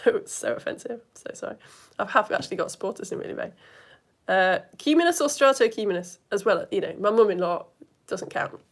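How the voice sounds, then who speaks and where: Lively, chatty woman teaching science. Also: fairly high pitch, a little fast. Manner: chatty, enthusiastic, asks the viewers questions. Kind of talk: live online science lesson.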